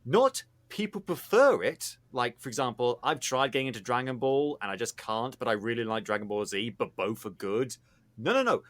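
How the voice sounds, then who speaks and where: Lively, bright-voiced man chatting on a podcast. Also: medium pitch, normal speed. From not American. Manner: animated, emphatic and teasing. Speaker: podcast co-host. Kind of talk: casual podcast chat.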